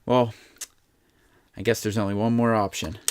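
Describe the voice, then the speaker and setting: A young man playing a helper in a comedy skit, casual and deadpan as he offers absurd fixes. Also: lowish voice, normal speed, a little hiss or hum. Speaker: comedy video maker.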